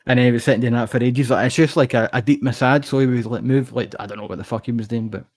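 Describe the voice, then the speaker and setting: A man's voice: mid-range voice, steady tone, fast, a little mellow. A young Scottish man co-hosting a podcast, telling a long rambling story in casual chat, swearing freely. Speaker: podcast co-host.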